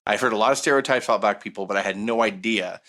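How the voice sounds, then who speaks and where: A man's voice: lowish voice, fast talker, a bit bright. A man co-hosting a podcast and telling a casual, profane, joking story. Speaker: podcast co-host.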